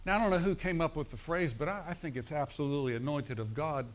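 Male pastor, fairly high voice, chatty sermon style, checks in with the room and leans on key words. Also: fast. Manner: conversational preaching with frequent "right?" and "amen?" asides.

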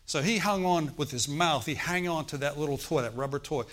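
A middle-aged man preaching a sermon, telling stories and acting out the voices of the people in them, swinging from hushed to loud. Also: a little high, a little fast. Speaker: pastor. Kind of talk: sermon storytelling.

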